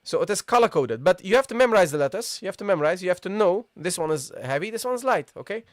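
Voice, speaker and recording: A man teaching an online Arabic lesson live, repeating points and checking in with viewers after nearly every phrase, and sounding out letters slowly for them to copy. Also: high voice, animated, dry recording, clean studio sound. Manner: repetitive, checks in with "okay?" and "guys"; models pronunciations slowly.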